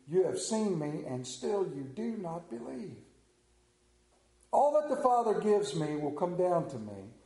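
A man's voice: on the high side, dark tone, roomy sound, rough recording. A man, preaching a sermon and telling a story in a folksy, drawling manner. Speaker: pastor. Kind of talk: sermon with scripture reading and prayer.

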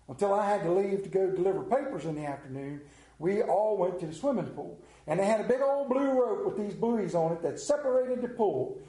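Animated high-voiced preacher man, echoey room. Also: brisk. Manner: animated storytelling, acts out scenes with big pitch swings. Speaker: pastor. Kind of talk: sermon. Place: room with a congregation.

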